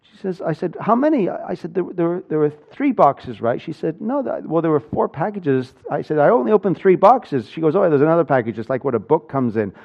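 A man preaching a sermon, telling a personal story with animated swings between loud and hushed delivery. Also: a little high, brisk, gravelly, lo-fi sound. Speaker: pastor.

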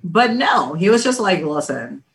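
A speaker in a casual chat gives blunt, emphatic opinions. The voice sits at a middle pitch and has a bright, forceful tone. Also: sing-song, moderate pace.

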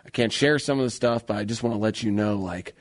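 A man in his thirties co-hosting a radio talk show, earnest and excitable, with slangy casual chat in a studio. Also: on the low side, quick pace. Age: 30s.

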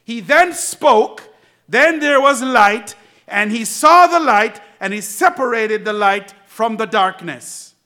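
A man preaching a sermon, building to shouts and dropping to whispers, with slow emphatic repetition. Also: very high voice, animated. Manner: dramatic, swings from shouting to near-whispers.

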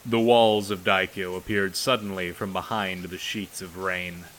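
A man narrating a novel aloud in a measured, solemn storytelling manner. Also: low-pitched, steady tone, fairly bright tone, a little hiss or hum, low-quality recording. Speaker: audiobook narrator. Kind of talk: scripted narration.

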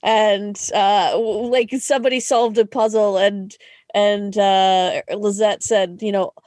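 A woman's voice: medium pitch, level tone, slow pace, a little mellow, no room sound, studio quality. A woman appearing as a podcast guest, telling a story expressively in casual chat.

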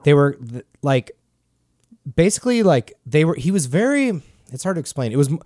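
A man's voice: fairly high pitch, very animated, moderate pace, darkish tone, no echo, clean studio sound. A man co-hosting a podcast, rambling through a story in loose casual chat and swearing freely. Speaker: podcast host.

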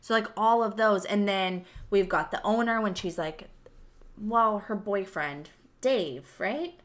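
A woman's voice: mid-range voice, a little slow. A woman co-hosting a casual movie review podcast, chatty and full of filler words. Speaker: podcast co-host.

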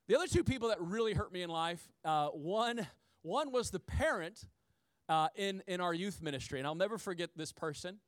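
A pastor preaching in a chatty, animated way, with frequent asides to the people listening. His voice sits high for a man. He repeats key lines for weight, and the sound is dry, with no room echo. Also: brisk. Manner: repeats key phrases for emphasis. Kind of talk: sermon.

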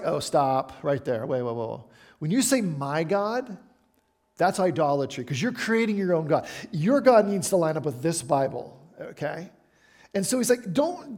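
A middle-aged man delivers a sermon in an easygoing, conversational way, tossing questions to the room. His voice sits a little high and swings widely in pitch as he preaches. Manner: animated, conversational preaching with asides to the congregation. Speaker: pastor.

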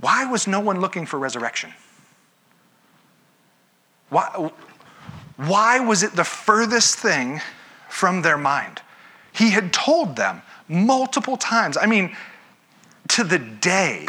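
A man's voice: fairly high pitch, very animated, takes it slowly, sharp tone. A man preaching a sermon, telling the story with animation and acting out the characters. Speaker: pastor.

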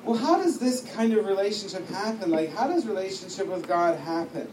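A man teaching at a discipleship school gives an informal, chatty talk to his class, drifting into side stories and laughing a lot. His voice sits high and sounds animated, moving a little fast. The room is echoey, the mic distant, with faint noise.

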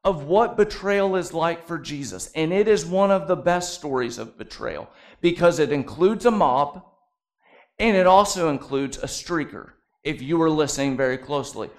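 Man preaching in a relaxed, joking way. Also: a little high. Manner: conversational preaching with humorous asides. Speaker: pastor. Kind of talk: sermon.

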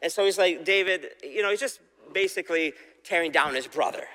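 A man's voice: a little high, fairly quick, pushed and bright, in a large hall. A man giving a casual, conversational sermon, retelling a Bible story and asking the audience questions. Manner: conversational, asks the audience questions, acts out quoted voices. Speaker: preacher.

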